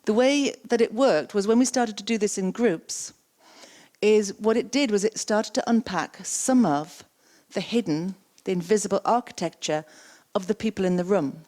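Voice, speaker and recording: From the conference stage, a woman who trains coaches and speaks at keynotes engages her audience directly, repeating their words and asking brisk follow-ups. Her voice is medium in pitch, and she sounds conversational and lively.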